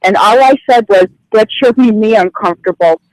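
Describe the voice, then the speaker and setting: A woman's voice: mid-range voice, brisk, dry recording, rough recording. A woman calling in by phone to a radio show, telling what happened to her in a flustered, rambling way with many fillers. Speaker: caller. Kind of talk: telling a personal story on air. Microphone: phone call.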